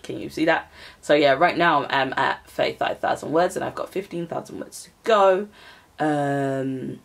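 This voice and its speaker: A woman's voice: sits low, normal speed, gravelly. A young woman chatting to camera at home, rambling and self-deprecating with frequent laughs. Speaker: writing vlogger. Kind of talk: casual chat to camera. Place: at home, indoors.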